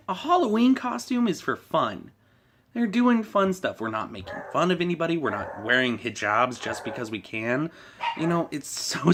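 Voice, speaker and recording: A man's voice: medium pitch, a bit bright, slight background noise. A man vlogging a heated, profane political rant, swearing often and laughing at his own jokes.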